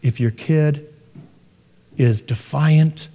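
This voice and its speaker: Animated preacher man in a reverberant hall. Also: a little high, very slow. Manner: animated, mimicking parents in a soft sing-song, laughing asides. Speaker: pastor. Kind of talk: sermon.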